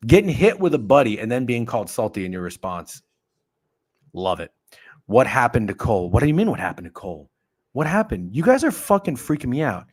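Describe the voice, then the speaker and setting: A man hosts a casual sports betting talk show as a podcast, ranting, swearing, and staying animated throughout. His voice is medium in pitch and brisk.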